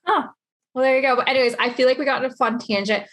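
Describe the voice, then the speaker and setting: A woman's voice: high voice, steady tone, very fast, a bit bright. A woman hosting a casual interview, chatty and rambling, saying "like" constantly. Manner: chatty, rambling, heavy use of "like". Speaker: interview host.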